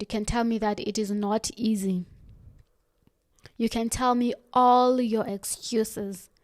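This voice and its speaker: A woman giving a motivational self-help talk, earnest and direct, slowing down for firm emphasis. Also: mid-range voice, no echo, studio quality.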